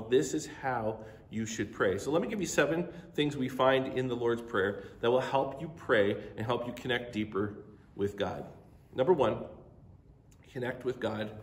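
A man's voice: medium pitch, reverberant. A middle-aged man preaching a sermon, teaching earnestly and building in intensity as he goes. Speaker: pastor.

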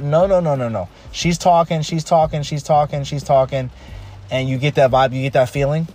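A man's voice: fairly high pitch, steady tone, moderate pace, dark tone. A man in his thirties talking casually and emphatically, repeating himself and restarting phrases, with heavy rain heard behind him. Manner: emphatic, repetitive, restarts often. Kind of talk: casual monologue. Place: home during a rainstorm. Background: pouring rain, faint music.

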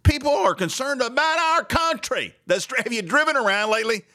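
A man hosting a morning talk radio show, blunt and animated, often laughing at his own remarks. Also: extremely high pitch, fairly quick, no room sound, clean studio sound.

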